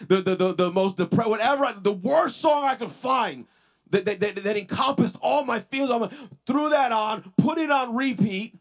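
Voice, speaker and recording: Male pastor, sermon, high-pitched, personal storytelling, repeated restarts, rising emphasis. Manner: rises in pitch and force on points of emphasis.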